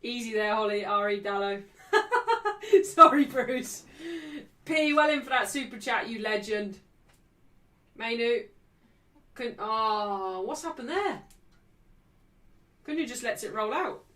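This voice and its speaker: A woman hosting a football watchalong stream, calling the play, cheering loudly and joking brashly with her live chat. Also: a little high, takes it slowly, long pauses. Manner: excitable, shouting cheers at big moments. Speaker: livestream host.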